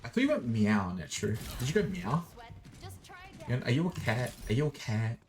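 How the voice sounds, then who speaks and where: Australian young man, goofy game streamer, casual chat, mid-pitched voice, faint music behind. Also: sing-song, moderate pace. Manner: goofy, playful, swears, sings robot noises.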